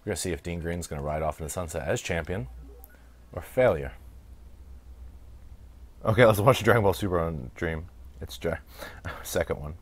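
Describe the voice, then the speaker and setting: Low-voiced American man chatting over a game. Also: lively intonation, normal speed, long pauses. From United States. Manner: chatty, laughing, swears freely. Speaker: gaming streamer. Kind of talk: casual let's-play commentary while reading chat.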